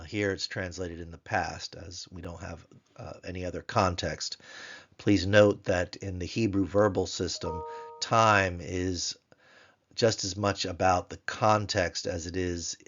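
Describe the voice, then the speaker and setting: A man teaching a grammar lesson, patiently spelling words out slowly and repeating them. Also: sits low, fairly bright tone, muffled recording.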